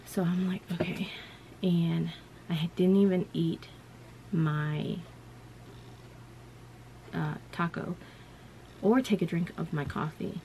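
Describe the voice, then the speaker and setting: A woman's voice: fairly low pitch, fairly even intonation, takes it slowly, vocal fry, pauses often, mellow, a little hiss or hum. A woman vlogger telling a personal story in a casual, rambling way, full of "you know" and "like.".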